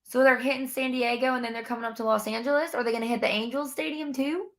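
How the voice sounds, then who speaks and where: A woman's voice: fairly high pitch, fairly even intonation, quick pace, a bit bright. A young woman hosting a casual sports live stream from home, bubbly and chatty, talking straight to her viewers. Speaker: sports podcast host. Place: home room near window.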